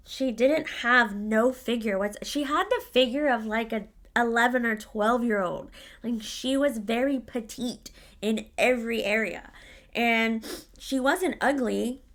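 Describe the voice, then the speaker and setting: Casting: bright, forceful woman, slightly high voice, brassy storytime vlogger who swears freely. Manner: sassy and profane, dramatic retelling. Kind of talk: casual storytelling.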